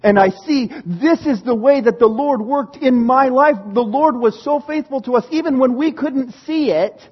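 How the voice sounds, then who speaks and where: Husky high-voiced male preacher. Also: dull audio. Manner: storytelling, animated, dramatic slowdowns and hushed asides. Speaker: pastor. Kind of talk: sermon.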